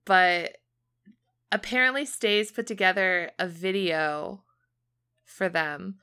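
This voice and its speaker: Bright, smooth-voiced young woman chatting. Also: lowish voice, slow pace. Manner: chatty storytelling, many fillers, acts out quotes. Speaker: podcast co-host. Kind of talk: casual chat.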